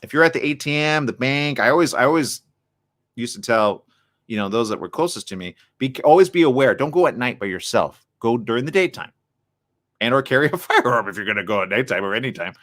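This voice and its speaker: A man hosting a live radio morning show, chatting casually in an animated, joking, rambling way from the studio. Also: medium pitch, fairly quick.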